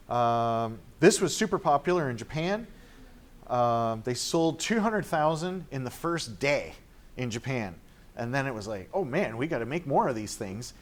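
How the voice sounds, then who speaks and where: A man giving a casual classroom lecture, chatty and full of fillers, acting out quoted reactions. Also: medium pitch. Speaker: teacher.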